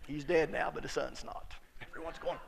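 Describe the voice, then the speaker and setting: A middle-aged pastor preaching in a church hall, telling a story with folksy, emphatic delivery. His voice sits a little high for a man and has a gravelly edge. A long reverb trails each phrase. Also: fairly even intonation, normal speed, background noise. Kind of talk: sermon with a personal story.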